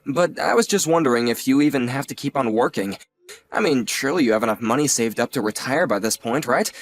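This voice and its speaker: Guy doing a sincere young nephew, mid-pitch voice, gentle teasing, heartfelt. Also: lively intonation, brisk, lightly acted. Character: earnest young man, grateful nephew. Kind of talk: audio drama acting.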